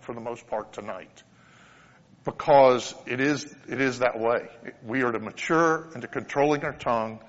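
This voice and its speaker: A man giving an informal, conversational sermon as a pastor, telling a personal story with earnest asides. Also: mid-range voice. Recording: dull lo-fi sound in a reverberant hall.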